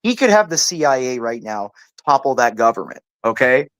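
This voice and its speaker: A man's voice: mid-range voice, big pitch swings, normal speed, a bit bright, no room sound. A man ranting in heated casual talk, profane and rambling, who keeps saying "like" and "dude" and stumbles over restarts when he gets worked up. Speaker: panel host. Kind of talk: heated casual political rant.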